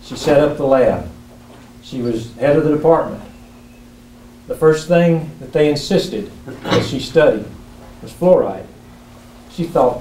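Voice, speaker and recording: A man speaks at a town council meeting, telling his story with earnest, mounting feeling. His voice sits a little high but sounds mellow. He is recorded from some distance in an echoey chamber with a faint hum underneath. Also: animated, measured pace, long pauses. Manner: earnest storytelling, rising to emotional urgency. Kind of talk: impassioned public comment speech.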